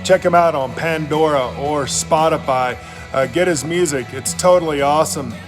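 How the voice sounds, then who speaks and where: A man's voice: a little high, normal speed, music in the background. A middle-aged man, a pastor, telling stories in a casual, enthusiastic, slangy motivational talk.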